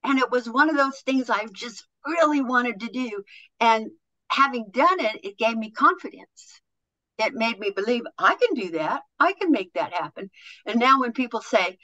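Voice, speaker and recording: A woman guest on a podcast, a motivational speaker and author, telling stories in an animated way and acting out quoted voices. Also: a little high, normal speed, highs cut off. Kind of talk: conversational podcast interview.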